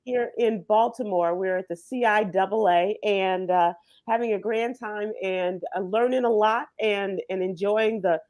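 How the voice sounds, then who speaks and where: A woman's voice: mid-range voice, measured pace, few pauses, darkish tone, dry recording. A woman hosting a radio show on location, chatting casually with a co-host, laughing often and full of fillers. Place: event venue.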